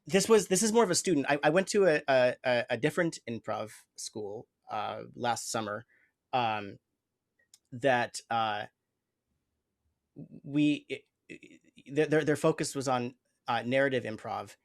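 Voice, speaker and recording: A man's voice: medium pitch, a little slow. Earnest, reflective male improv teacher. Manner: reflective, earnest, searching for words. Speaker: host. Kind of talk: conversational interview.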